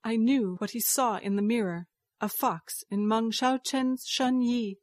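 Woman reading a story slow n steady, kinda high voice, dry close mic. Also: no echo. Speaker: narrator. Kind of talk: scripted story narration.

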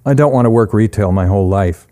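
A man's voice: fairly low pitch, fast, dark tone, close to an everyday voice. A man voicing a shy, hesitant young male store clerk.

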